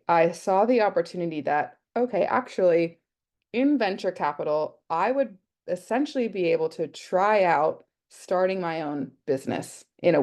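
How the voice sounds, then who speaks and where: A woman's voice: fairly low pitch, darkish tone. An Australian woman presenting an online workshop on a video call, chatty and thinking aloud with lots of fillers. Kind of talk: casual online workshop talk.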